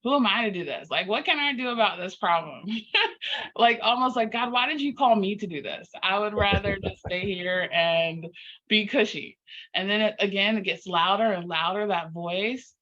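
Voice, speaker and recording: A woman guest on an interview podcast, talking earnestly in an animated, storytelling way and acting out her own inner dialogue. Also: mid-range voice, normal speed. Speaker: podcast guest, life coach. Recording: slightly muffled lo-fi audio.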